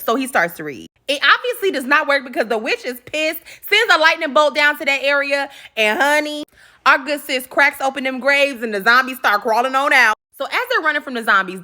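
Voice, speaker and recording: A woman giving a casual movie recap commentary, animated and slangy, with profane jokes and laughing asides. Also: high voice.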